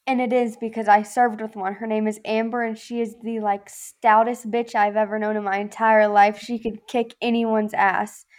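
A woman's voice: on the high side, level tone, normal speed, hardly any pauses, a little mellow. A woman with a Southern accent speaks in a slightly raised voice, blunt and emphatic. She swears freely and presses her points hard in casual podcast conversation. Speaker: podcast guest, former Marine.

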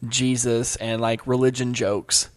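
A man hosting a casual comedy podcast, a stand-up comic who jokes freely and breaks into high mock voices. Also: flat delivery, a little slow.

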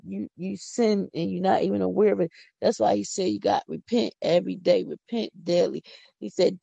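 A woman's voice: medium pitch, vocal fry, mellow, slightly rough, no echo. A middle-aged woman hosting her own podcast, talking casually and preachily about faith in a chatty, down-to-earth way. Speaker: podcast host. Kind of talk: casual faith talk monologue.

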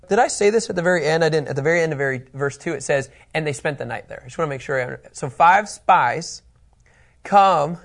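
A man's voice: on the high side, vocal fry. A middle-aged man teaching a Bible study lesson in a conversational, joking way. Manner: conversational, animated, jokey.

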